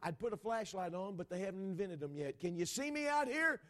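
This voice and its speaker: A man voicing a desperate, persistent widow who shouts to get a judge's attention. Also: sits high, lively intonation, a little fast, voice pushed up. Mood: pleading. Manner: hollering, pleading, insistent. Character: desperate poor widow woman, persistent and shrill.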